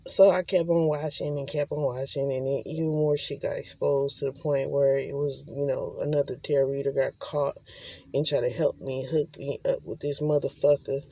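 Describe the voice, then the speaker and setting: A woman's voice: a bass voice, fairly even intonation, moderate pace, dark tone. A woman talking straight to the camera in a rambling spiritual vlog, swearing freely and often slipping into acted quotes. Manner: profane, rambling, acts out quotes. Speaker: spiritual vlogger. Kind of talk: casual rambling monologue.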